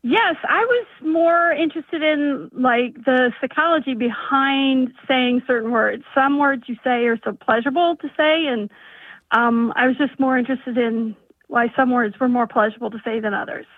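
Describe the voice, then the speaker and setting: Woman caller, high voice, tinny phone line, earnest and eager. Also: normal speed, no echo. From North Dakota, US. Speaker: caller, biology teacher. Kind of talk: phone-in call.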